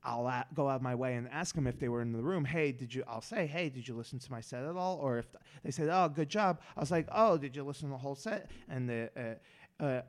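A young man, a stand-up comedian, chatting casually on a podcast, animated and often restarting his words. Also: mid-range voice, fast talker.

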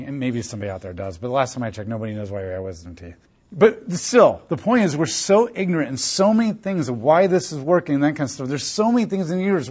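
Husky, animated male Bible teacher. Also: fairly high pitch. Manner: animated, emphatic, rhetorical questions, repeats phrases.

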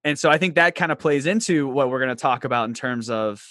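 Southern-accented guy hosting a podcast, playful, laughs a lot, mid pitch. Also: fast, fairly bright tone, dry recording, clean studio sound. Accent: Southern American, light. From Southwestern Virginia. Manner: chatty, laughs often, playful storytelling. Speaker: podcast host. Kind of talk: casual conversation.

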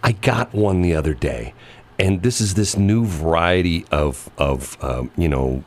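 Deep-voiced animated male radio host. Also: unhurried. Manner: animated storyteller, mimics voices. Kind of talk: casual radio banter.

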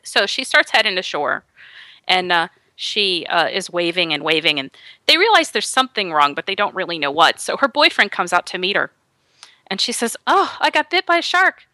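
Animated woman telling a story. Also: lowish voice, moderate pace, dry recording. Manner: animated, quotes people in voices. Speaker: guest storyteller. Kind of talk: casual storytelling chat.

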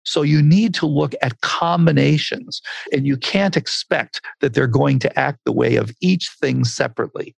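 Older male researcher, gravelly, dry close sound, animated storyteller voicing quotes. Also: mid-range voice, normal speed, no room sound. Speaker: medical researcher guest. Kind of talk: storytelling interview answer.

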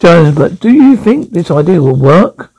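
A man's voice: fairly high pitch, sing-song, unhurried, mellow, no echo. A man reading a stubborn male official. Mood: firm.

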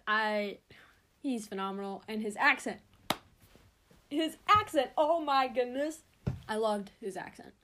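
A young woman hosting her own sports podcast, talking in a chatty, rambling way and cutting herself off. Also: mid-range voice. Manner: chatty and rambling, self-interrupting. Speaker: podcast host. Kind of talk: casual solo podcast chat.

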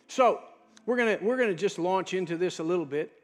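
High-voiced preaching pastor. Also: male voice, animated, a little fast. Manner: preaching, drops to a soft low voice when quoting Jesus. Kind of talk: sermon.

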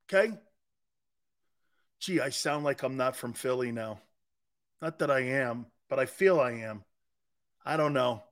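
A man's voice: mid-range voice, fairly bright tone. A middle-aged man hosting a sports talk show, telling brash, joking stories and acting out the quotes. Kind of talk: animated sports radio monologue.

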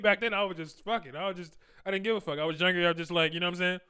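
A man's voice: high voice, steady tone, very fast, few pauses, bright, forceful tone, clean tone. A man giving crude, boastful dating advice in a casual monologue, full of slang and laughter, acting out his own conversations. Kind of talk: casual monologue with acted-out dialogue.

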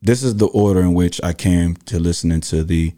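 Male podcast host, very low dark voice, thoughtful questions. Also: brisk. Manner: thoughtful, storytelling with restarts. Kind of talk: casual interview chat.

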